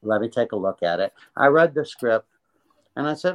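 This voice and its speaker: A man's voice: medium pitch, animated, moderate pace, muffled recording. Older guy spinning a story in an interview, chatty, lots of restarts, does little voices. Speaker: interview guest, illustrator. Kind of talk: casual storytelling.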